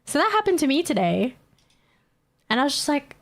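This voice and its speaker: A woman's voice: high-pitched, very animated, brisk, pauses often. Ranting, swearing woman streamer. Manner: ranting, swears a lot, laughs often. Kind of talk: casual live-stream chat.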